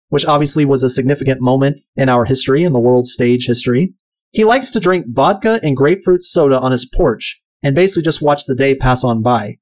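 A man talking through a book-to-film comparison in a blunt, chatty way, swearing freely. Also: a little high. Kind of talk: casual commentary.

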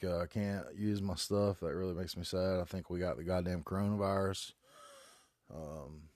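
A man's voice: deep voice, steady tone, normal speed, a little mellow, no room sound, studio quality. A man, rambling glumly and cursing through a solo home podcast while fighting a stuffy head cold. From North Carolina, US. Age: 40s. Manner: glum, rambling, heavy cursing. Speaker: podcast host. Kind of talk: casual solo podcast monologue. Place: back bedroom at home. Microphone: phone.

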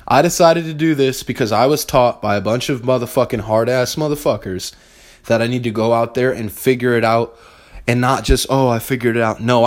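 A young man hosting a podcast, giving a blunt, profane, fired-up motivational monologue straight to his listeners. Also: mid-range voice. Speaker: podcast host.

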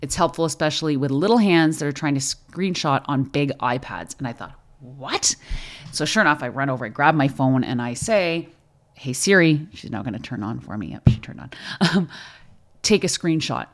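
A middle-aged woman with a low voice hosts her podcast in a relaxed, chatty way. She jumps between thoughts, restarts her sentences and talks with an animated energy. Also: brisk. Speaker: podcast host, school librarian. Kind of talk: casual chat.

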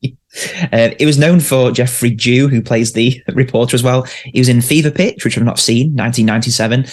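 A man's voice: medium pitch, brisk. A man co-hosting a podcast, chatting enthusiastically and laughing between points. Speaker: podcast co-host. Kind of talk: casual chat.

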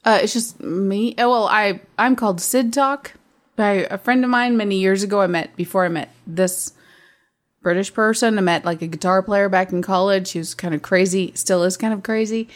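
A woman in her fifties talks in a loose, casual podcast chat. She is blunt and straight-talking, with no filter, and she laughs easily between her points. Her voice sits at an ordinary middle pitch for a woman. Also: moderate pace. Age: 50s. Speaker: podcast co-host.

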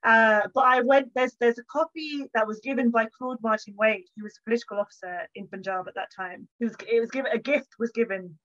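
A woman historian, a guest on an interview, telling stories in an animated conversational way from her home. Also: on the high side, fairly quick, few pauses, muffled recording. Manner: animated storyteller, acts out quoted exchanges. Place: home, bookshelf behind her.

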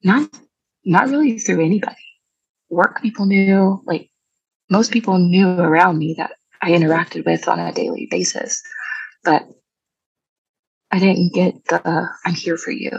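Husky, gravelly-voiced young woman. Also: lowish voice, no room sound, dull audio. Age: young adult. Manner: quiet, halting, reflective. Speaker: guest. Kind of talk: personal storytelling interview.

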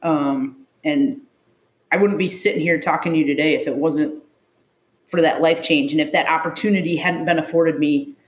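A woman's voice: sits low, fairly even intonation, moderate pace. Blunt, profane woman in an echoey room. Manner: blunt, profane, emotional storytelling. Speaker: first responder guest. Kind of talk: candid interview storytelling.

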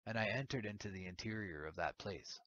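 A man reads an ancient text aloud in a solemn, measured way. His voice sits very low. The recording is dull and lo-fi. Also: a bit bright. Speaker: audiobook reader. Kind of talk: scripted narration of an ancient text.

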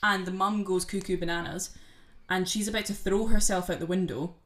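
A young woman, her voice sitting a little low. She talks as a laid-back podcast co-host, chatty and sweary, mocking a film as she tells its plot. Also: steady tone, fairly quick, fairly bright tone. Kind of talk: casual chat.

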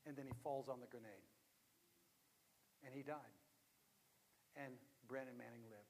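A man preaching a storytelling sermon, dramatic and dropping to hushed tones for emphasis. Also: mid-range voice, steady tone, normal speed, a little hiss or hum. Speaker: pastor. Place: church sanctuary. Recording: long reverb of a large hall.

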